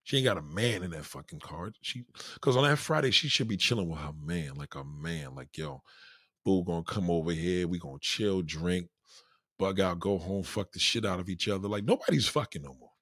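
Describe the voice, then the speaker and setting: Animated husky man riffing on stream. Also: low-pitched, normal speed, dry recording, studio quality. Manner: loud, animated riffing, acts out quoted voices. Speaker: livestream host. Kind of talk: casual livestream chat.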